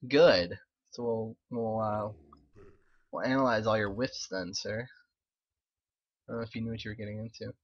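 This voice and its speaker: A young man giving casual, animated live-stream commentary on game replays, swearing, laughing and throwing in quick asides. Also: lowish voice, highs cut off. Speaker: game caster reviewing replays.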